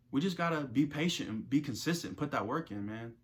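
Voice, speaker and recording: A man's voice: on the high side, animated, fast talker, hardly any pauses, a bit bright. A young man speaking to camera as a self-improvement creator, giving a casual motivational talk full of slang and repeated phrases.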